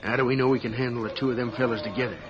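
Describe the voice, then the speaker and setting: An actor playing a cold, calculating outlaw leader in a 1940s radio drama, speaking in a low, conspiratorial way. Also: male voice, steady tone, very fast, crowd noise, close to an everyday voice. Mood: scheming. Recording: hissy, dull old radio broadcast.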